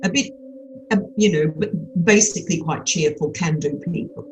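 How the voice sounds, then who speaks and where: A woman's voice: lowish voice, moderate pace, a little mellow, faint music behind, poor audio. An older woman from Australia with an Australian accent, chatting frankly and cheekily as an interview guest, full of restarts. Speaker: actress and podcast guest. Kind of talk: casual interview chat.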